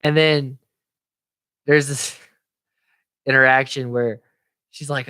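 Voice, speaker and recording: A man's voice: medium pitch, little pitch movement, slow, long pauses, bright, forceful tone, clear, resonant tone, no room sound. A man co-hosting a podcast, retelling a film in casual chat, laughing often and quoting scenes in character voices. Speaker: podcast co-host.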